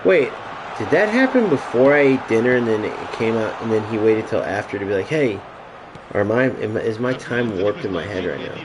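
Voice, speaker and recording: A man's voice: on the low side, expressive, brisk, noisy background. A man streaming a game, ranting casually and profanely to his chat. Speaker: gaming streamer.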